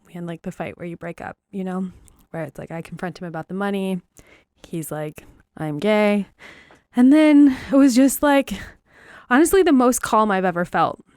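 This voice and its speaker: A woman's voice: mid-range voice, moderate pace, dry recording. Frank young woman, dry close sound. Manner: frank, filler-heavy, dark humor. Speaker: podcast host. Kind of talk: candid personal storytelling.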